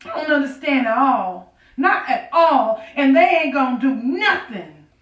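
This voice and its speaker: This historical stage monologue, performed outdoors on a farm, has an actress as an enslaved Southern widow pouring out her heart to God in bitter anger. She speaks in an animated, raised, slow and drawn-out voice, folksy and confiding, earthy and defiant, with bursts of rueful laughter. The audio is dull, distant and echoey.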